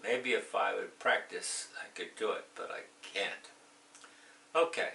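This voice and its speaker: A man teaching beginning English in slow, careful steps, switching between English and Spanish to explain. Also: lowish voice, vocal fry, pushed and bright, a little hiss or hum. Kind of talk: slow bilingual lesson with jokes. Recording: echoey room, mic a bit distant.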